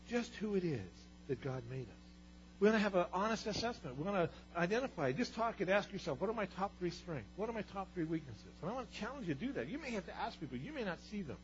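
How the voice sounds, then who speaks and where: Male pastor, fairly high voice, animated sermon delivery swinging loud and soft; muffled recording, light hum. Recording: dull sound with faint hum.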